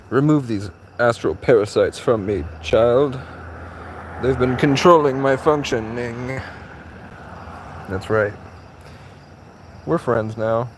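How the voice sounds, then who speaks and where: A man's voice: medium pitch, a little hiss or hum. A man livestreaming outdoors at night on a work break, chatting with a cat in a playful, teasing way full of crude jokes and mock-mystical talk, on a phone mic. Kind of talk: casual live stream, talking to a cat.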